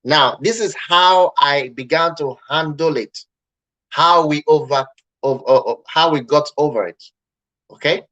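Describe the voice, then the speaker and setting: A man's voice: a little high, unhurried, sharp tone, rough recording. A man vlogging marriage advice in casual personal storytelling, earnest and reflective, talking straight to the viewer.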